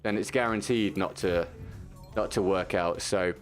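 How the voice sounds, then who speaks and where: A man with a low voice chats casually and supportively to his viewers while he plays, often restarting his sentences. Faint game music sits behind him. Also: fairly even intonation, measured pace. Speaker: streamer. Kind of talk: casual chat while playing.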